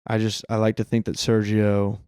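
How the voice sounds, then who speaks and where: A man's voice: on the low side, monotone, moderate pace, warm tone, smooth, dry recording, clean studio sound. A man co-hosting a casual film podcast, rambling and restarting his sentences, swearing freely. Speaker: podcast co-host.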